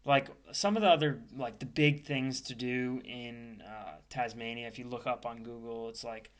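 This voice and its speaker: A man's voice: mid-range voice, moderate pace. Laid-back young American man chatting. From United States. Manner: relaxed, laid-back, lots of fillers. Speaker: podcast co-host. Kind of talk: casual chat.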